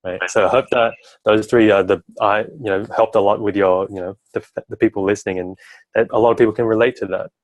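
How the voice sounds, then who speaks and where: Low-voiced man coaching on relationships. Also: fairly even intonation, quick pace, dry recording, rough recording. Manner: talkative, tags sentences with "right?". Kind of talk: advice-giving conversation.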